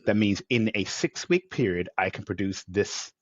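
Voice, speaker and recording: A man's voice: lowish voice, lively intonation, normal speed, no room sound, highs cut off. A male podcast host in a conversational interview, talking at length with enthusiasm and acting out quotes as he goes. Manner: enthusiastic, rambling, acts out quotes.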